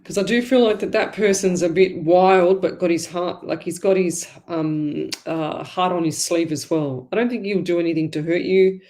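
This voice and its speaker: A woman's voice: on the low side, moderate pace, hardly any pauses, mellow. A woman hosting a live psychic reading show from home, talking in a rambling, chatty way full of fillers and asides. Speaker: psychic medium host.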